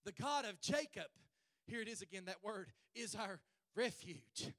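A male pastor preaching a fervent sermon at a church service, stretching his phrases and rising to shouts. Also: high-pitched, animated, unhurried, dry recording.

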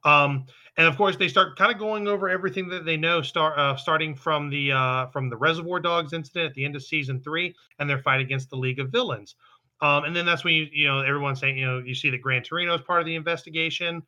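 Bright-voiced rambling male podcast host. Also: a little high, quick pace. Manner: rambling, profane, quotes characters in passing. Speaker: podcast co-host recapping an anime. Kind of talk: casual chat.

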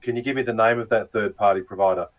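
A man's voice: fairly low pitch, fairly even intonation, quick pace, rough recording. An Australian man casually telling crude, funny stories with plenty of laughter and swearing, often mimicking the people he talked to. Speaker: guest. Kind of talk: casual storytelling chat.

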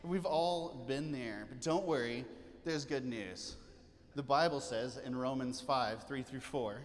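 Speaking from the stage of a church, this male pastor gives a relaxed, humorous sermon peppered with asides and filler words. His voice sits in the middle range and his pace is measured. Faint noise and the echo of a church hall come through on the recording.

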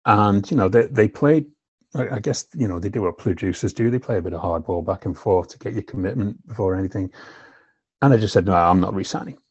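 Husky low-voiced man, raw candid storytelling. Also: fairly quick, no room sound. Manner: emotional, swears often, frequent "you know". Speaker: filmmaker guest. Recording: slightly dull lo-fi recording.

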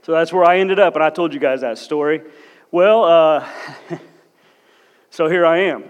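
A man's voice: fairly high pitch, unhurried, lo-fi sound. A man in his forties, a police officer, giving a blunt, self-deprecating, joking talk as a church guest speaker. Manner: blunt, no-nonsense. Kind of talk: humorous church talk with personal stories. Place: large church hall. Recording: echoey church hall with long reverb.

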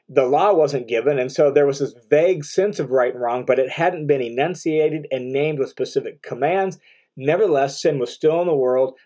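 Man teaching a Bible passage, slightly high voice. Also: darkish tone. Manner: explanatory, reads verses aloud then unpacks them; occasional fillers and restarts, conversational teaching. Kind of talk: verse-by-verse Bible commentary.

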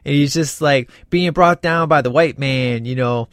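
A man's voice: fairly high pitch, unhurried, fairly bright tone, dry recording, studio quality. A man giving a casual, opinionated spoken movie review, rambling with many fillers and restarts.

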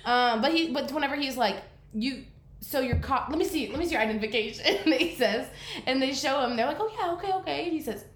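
A woman's voice: sits high, brisk. A woman co-hosting a casual podcast, rambling and giggling as she recaps and quotes characters. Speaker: podcast co-host. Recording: echoey room with faint noise.

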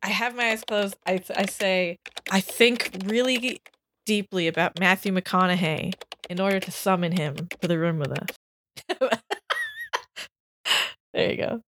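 A woman's voice: mid-range voice, steady tone, unhurried, a bit bright, slight background noise. A woman co-hosting a podcast, improvising a story game in casual chat and laughing often. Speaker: podcast co-host.

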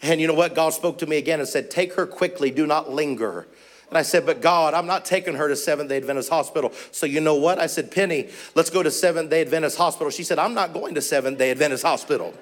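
A man preaching, telling a personal testimony as a missionary, animated and rising to urgent exclamations. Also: on the high side, quick pace, hardly any pauses. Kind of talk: storytelling sermon.

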